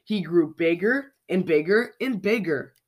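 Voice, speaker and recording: Lively children's storyteller, mid pitch. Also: a little slow. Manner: lively, expressive read-aloud. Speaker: podcast storyteller. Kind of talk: reading a children's picture book aloud.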